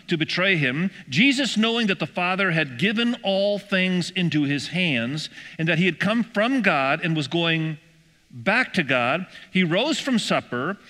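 Bright-voiced male pastor in a reverberant church. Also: a little high. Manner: conversational, asks the congregation questions. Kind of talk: sermon reading and explaining Scripture. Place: church sanctuary.

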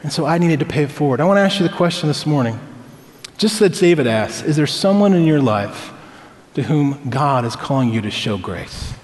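A man's voice: fairly high pitch, lively intonation, brisk, darkish tone. A man preaching a sermon as a pastor, telling stories in a conversational way. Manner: conversational storytelling with personal anecdotes. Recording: long hall reverb.

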